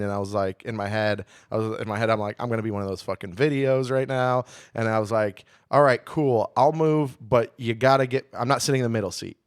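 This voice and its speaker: A man's voice: mid-range voice, fairly quick, few pauses, no room sound, clean studio sound. A man co-hosting a comedy podcast, telling a long travel story in a casual, profane, self-deprecating way. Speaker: podcast co-host.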